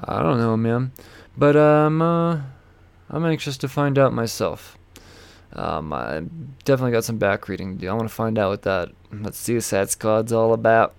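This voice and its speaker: Gravelly, rambling male podcast host. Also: lowish voice, expressive, moderate pace, no echo. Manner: rambling, loose and profane. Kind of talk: casual podcast outro with plugs.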